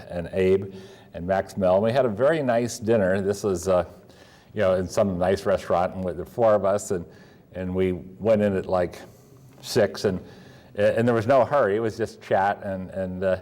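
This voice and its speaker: A man's voice: on the low side, a little mellow. An older man from Pennsylvania, a coin dealer telling rambling stories with many fillers and restarts. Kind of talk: storytelling talk.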